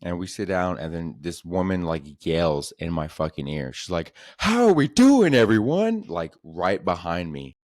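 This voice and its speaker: A man's voice: sits low, fairly even intonation, moderate pace, few pauses, no echo, clean studio sound. A man hosting a podcast, telling comedic stories in a casual, profane, slangy way that keeps coming back to "dude". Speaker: podcast host.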